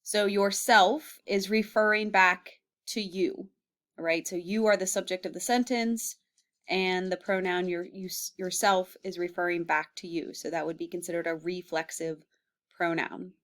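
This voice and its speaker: A woman's voice: lowish voice, fairly even intonation, unhurried, fairly bright tone. A woman teacher giving a classroom grammar lesson, patient, often checking in with students and using fillers. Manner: patient, with frequent "okay?" check-ins and fillers.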